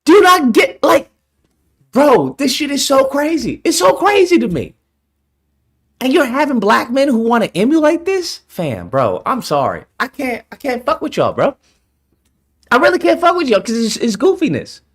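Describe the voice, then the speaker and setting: A man ranting as an online commentator, heated and exasperated, swearing freely as he argues. His pitch swings widely from line to line, rising into disbelieving questions. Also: wildly swooping pitch, normal speed, a bit bright, breathy edge.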